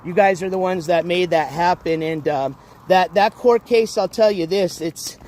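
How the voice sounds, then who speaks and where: A YouTube host walks his dogs by a busy road while livestreaming, rambling casually with plenty of "uh"s and restarts. His voice sits high with a darkish tone, at normal speed.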